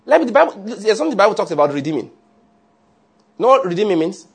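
A man preaching a sermon in an animated way, often checking with his listeners. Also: sits high, racing, breathy edge. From Nigeria. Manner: animated, asks the audience often.

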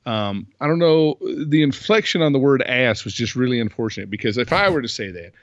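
A man's voice: mid-range voice, animated, brisk, no echo, muffled recording. A man hosting a casual podcast, chatty as he recaps a movie plot and acts out its lines. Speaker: podcast host.

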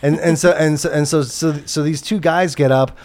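A man's voice: on the high side, steady tone, moderate pace, a little mellow. A man who works as a TV producer, telling a story in casual chat, rambling with many restarts and fillers and swearing freely.

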